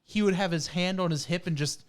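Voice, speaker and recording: High-voiced animated man chatting. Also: fairly quick, slight background noise. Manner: animated storyteller, acts out his dog's noises. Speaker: podcast co-host. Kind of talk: casual chat.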